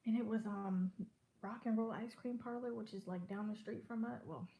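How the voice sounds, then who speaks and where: The audio is dull, and the woman's voice sits on the high side: gravelly, steady in tone, at a moderate pace. She is a pregnant vlogger in her twenties, eating on camera, rambling chattily from topic to topic between bites while feeling full.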